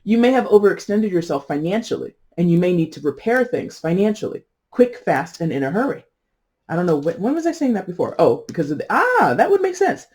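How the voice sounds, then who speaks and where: Rambling, mellow-voiced tarot reader. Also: medium pitch, big pitch swings, a little fast. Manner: rambling, laughing, self-correcting. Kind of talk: casual tarot reading monologue.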